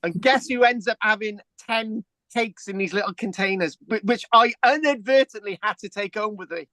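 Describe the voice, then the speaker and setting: A man's voice: high-pitched, normal speed, sharp tone, no echo. A talkative man from England telling a long story in a loose, rambling way, with false starts, repeated words and a constant "right?". The sound is dry and close, with little room around it. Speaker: host. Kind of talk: casual chat.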